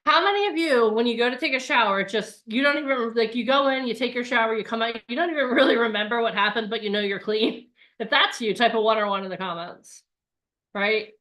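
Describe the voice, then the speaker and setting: A woman in her forties, a coach giving a lively live online workshop and acting out voices. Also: fairly high pitch, brisk. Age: 40s.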